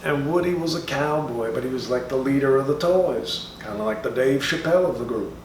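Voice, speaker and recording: A man's voice: medium pitch, fairly quick, a little hiss or hum, lightly acted. A man doing a comedic impression of a brash middle-aged comedian, who speaks to schoolchildren in a drawling, profane, taunting way. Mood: mock-serious. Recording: roomy sound from a distant mic.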